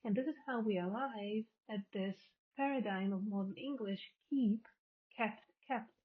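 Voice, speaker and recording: A woman's voice: mid-range voice, normal speed. A woman giving a recorded linguistics lecture, explaining step by step and often rephrasing her terms. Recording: tinny phone-like audio.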